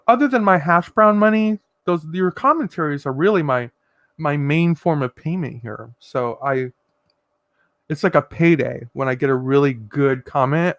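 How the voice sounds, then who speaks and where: A man's voice: fairly high pitch, no echo. A man hosting a casual livestream, reading out viewers' comments and giving sassy, profane pep talks. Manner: lively, swings between loud and soft. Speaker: livestream host.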